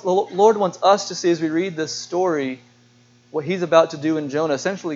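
High-voiced earnest male preacher. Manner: earnest, asks the congregation questions, repeats words. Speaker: pastor. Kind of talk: sermon. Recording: dull lo-fi sermon recording.

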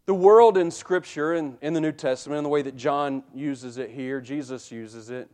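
A man preaching a sermon to a congregation, emphatic and addressing them directly, dropping to a hush and then rising loud, repeating words as he builds a point. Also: mid-range voice, moderate pace, hardly any pauses. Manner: emphatic, swinging from hushed to loud.

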